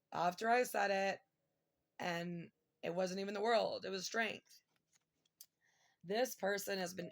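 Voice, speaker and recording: A woman's voice: lowish voice, creaky. A woman giving a casual tarot reading to her viewers, emotional and rambling with many fillers. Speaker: tarot reader.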